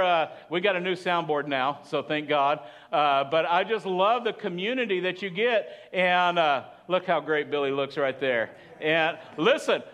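A man's voice: high voice, a bit bright, lo-fi sound. A man preaching a sermon as pastor, chatty and asking the congregation questions. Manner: conversational, asks the congregation questions.

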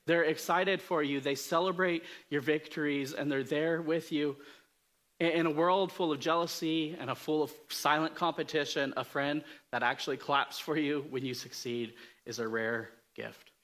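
Fairly high in pitch and a bit bright, this preacher's voice keeps a fairly even intonation at a moderate pace. He tells stories in a casual sermon, making jokes about himself, with many fillers and false starts.

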